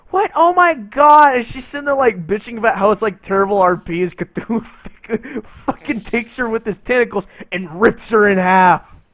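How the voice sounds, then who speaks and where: A man's voice: high-pitched, no room sound, clean studio sound. A man streaming a game and telling a rambling story, swearing and laughing as he goes. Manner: rambling, profane, laughing between lines.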